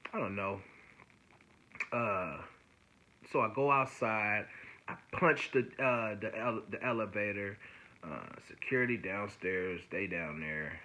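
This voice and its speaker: A man telling a story in a casual vlog. He rambles with lots of fillers and retells events in an animated, exasperated way. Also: lowish voice. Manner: rambling, heavy fillers, frequent "you know what I'm saying". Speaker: vlogger.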